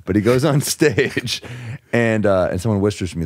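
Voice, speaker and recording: Deep, dry-sounding deadpan comedian. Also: male voice, normal speed, dry recording. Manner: dry, deadpan anecdote-telling. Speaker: stand-up comedian guest. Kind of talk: casual chat. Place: podcast studio.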